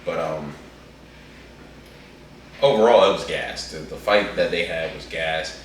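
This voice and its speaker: A man with a low voice chats in an animated, slangy ramble. He sits away from the mic in a very echoey room. A faint hum runs under him. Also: measured pace, far from the mic. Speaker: co-host reviewing an anime movie. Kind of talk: casual chat.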